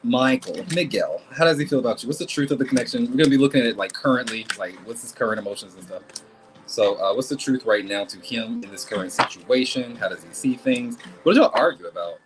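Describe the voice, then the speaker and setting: A man's voice: mid-range voice, fast. Guy reading tarot on a livestream, blunt and fired up, some faint hiss behind him. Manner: blunt, animated, swears and laughs a lot. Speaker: tarot reader. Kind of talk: casual live tarot reading.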